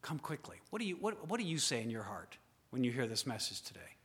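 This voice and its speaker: A man preaching a sermon, asking the congregation rhetorical questions, rising to loud emphasis and then dropping to quiet asides. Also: mid-range voice, very animated, fast. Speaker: pastor. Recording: long hall reverb.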